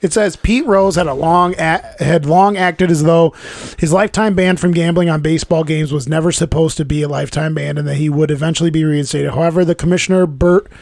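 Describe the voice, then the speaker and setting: A man's voice: on the high side, steady tone, a little fast, creaky, darkish tone. A young man hosting a casual podcast, talking loosely with lots of cursing, fillers and laughter as he retells things. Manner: rambling, profane, laughs while retelling bits. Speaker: podcast host.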